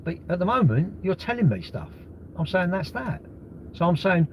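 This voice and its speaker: A middle-aged livestream host delivers a casual rant, blunt and sweary, hurling one question after another at his viewers. His high voice swoops wildly in pitch at a moderate pace, and the lo-fi stream audio sounds dull, with a faint hiss behind it.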